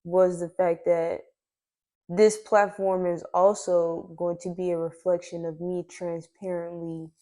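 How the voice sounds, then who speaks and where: Slow, hesitant woman podcast host. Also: lowish voice, little pitch movement, mellow. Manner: slow, hesitant, restarts and reflective. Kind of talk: casual chat. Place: indoor room, on a couch.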